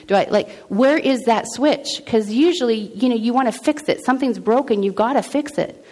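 A woman's voice: on the high side, brisk, darkish tone. A middle-aged woman sharing a personal faith testimony in an earnest, conversational way, full of restarts and acted-out dialogue. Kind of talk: faith testimony, casual storytelling.

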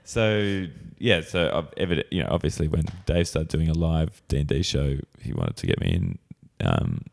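Gravelly deep-voiced Australian man chatting. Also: moderate pace. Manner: relaxed, chuckles often, trails off with fillers. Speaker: podcast guest, comedian and actor. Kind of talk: casual chat.

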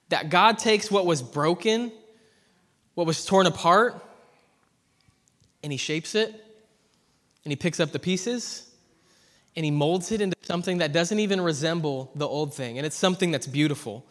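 A young man preaching a sermon at church, telling a personal story earnestly and dropping from loud to hushed. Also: on the high side. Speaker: pastor. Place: church hall. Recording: long hall reverb.

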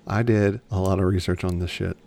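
A man's voice: sits low, steady tone, brisk, vocal fry, a little mellow. A man co-hosting a podcast in casual chat, rambling and often restarting his sentences. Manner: chatty, rambling, self-correcting. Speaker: podcast co-host.

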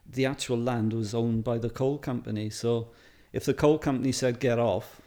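A man's voice: medium pitch, steady tone, normal speed, warm tone. Chatty Welsh man telling stories. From Wales. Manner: chatty, anecdotal, laughs often, many fillers. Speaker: photographer guest. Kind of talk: casual interview chat.

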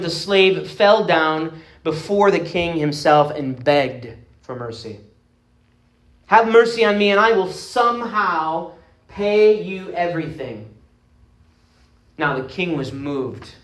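A man with a voice pitched a little high delivers a sermon, telling a parable earnestly and with emphatic pauses. His words echo through a roomy space, as in a church sanctuary. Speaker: preacher.

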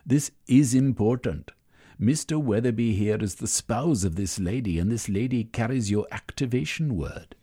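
A man voicing a cold, scheming male villain who bargains with menace, in a husky voice. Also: lowish voice, moderate pace, dark tone, voice pushed up.

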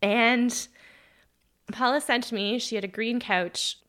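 A woman in her thirties hosts a solo podcast in a slow, smooth, slightly bright voice pitched on the high side, with fairly even intonation. She chats earnestly, filling her speech with "like" and correcting herself as she goes. For a moment she gets emotional and her voice catches.

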